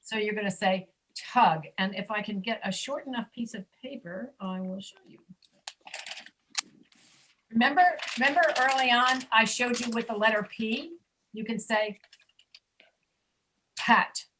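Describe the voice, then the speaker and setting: Her voice is fairly high and a bit bright as she leads an online pronunciation class over video. She slowly models sounds and corrects her students with patience.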